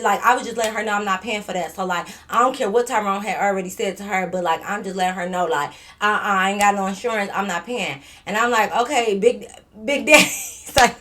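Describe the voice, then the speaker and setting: A woman spins a casual storytime, slangy and profane. She jumps between her own telling and quoted voices, getting louder and softer as she goes. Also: medium pitch, a little fast. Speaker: vlogger.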